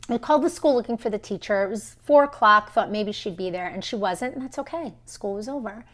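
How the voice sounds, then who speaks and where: A woman's voice: mid-range voice, a little fast, fairly bright tone. A woman in her thirties on a phone live stream, telling a story in an emphatic way and acting out the people she quotes. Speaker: vlogger.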